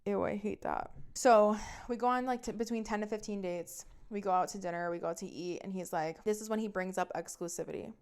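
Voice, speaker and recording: A woman's voice: medium pitch, brisk, few pauses, a little mellow, clear, resonant tone. Chatty, swearing young woman storyteller. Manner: candid, profane, chatty, lots of "like". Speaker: podcast host. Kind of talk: casual storytelling monologue.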